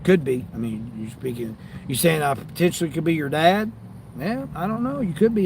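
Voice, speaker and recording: A man's voice: fairly high pitch, lively intonation, fairly quick, vocal fry, slight background noise. A man rambling casually on a livestream, talking to chat between delivery orders while he sits in his car. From United States. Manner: rambling, talks back to chat.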